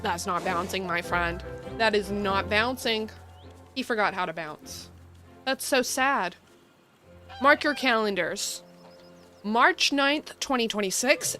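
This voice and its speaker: A gaming video creator gives playful, teasing commentary while she plays a video game. Her voice is a little high, pushed and bright, and faint game music plays in the background.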